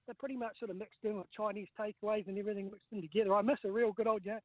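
A high-pitched man with a New Zealand accent calls in from outdoors on his mobile. He talks in a quick, blokey, chatty way, and his voice comes through a thin, tinny phone line with no room around it. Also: steady tone, no echo. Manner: chatty, blokey, says mate a lot. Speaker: caller. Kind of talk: casual phone-in chat. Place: outdoors on a golf course.

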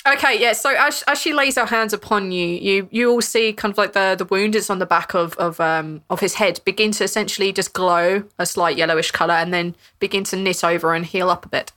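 A woman's voice: medium pitch, brisk, hardly any pauses, sharp tone. A woman narrating as game master of a tabletop game, rambling with many fillers and restarts.

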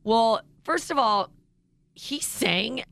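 Lively, gravelly-voiced radio co-host woman. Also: fairly high pitch, very slow. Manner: animated, playful, reacting with laughs. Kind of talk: casual morning radio banter.

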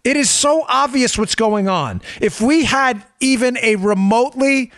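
A middle-aged man runs a political commentary podcast, his very high voice animated, a bit bright and a little slow. The sound is dry and clean, like a studio. Incredulous and forceful, he repeats himself to drive points home.

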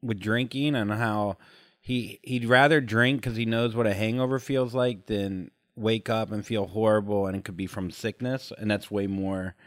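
A man's voice: fairly low pitch, fairly even intonation, normal speed, no room sound. Guy on a podcast riffing casually, swears a lot, dry close sound. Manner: loose, profane, riffing. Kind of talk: casual chat.

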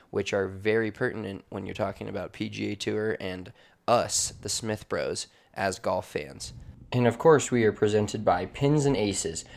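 Young male podcast host, lowish voice, energetic and chatty, casual swearing. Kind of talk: casual chat and read sponsor spots.

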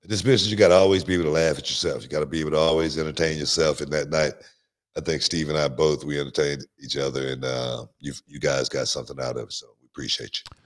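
A man hosting a podcast in casual chat, animated, often repeating words and stretching them out. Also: a bass voice, fast talker. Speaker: podcast host.

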